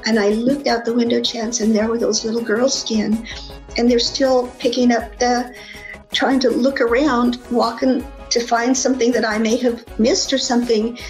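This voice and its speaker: Fairly high-voiced woman telling a story. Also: moderate pace, faint music behind, rough recording. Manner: lively storyteller, acts out the people in her story. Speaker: podcast guest. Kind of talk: personal storytelling in an interview.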